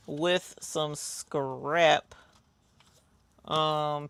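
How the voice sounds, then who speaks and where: Slow, gravelly woman chatting. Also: low voice, a bit bright, no echo. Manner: chatty storyteller, talks to viewers, reads out chat comments. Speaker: crafting livestream host. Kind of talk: casual livestream chat.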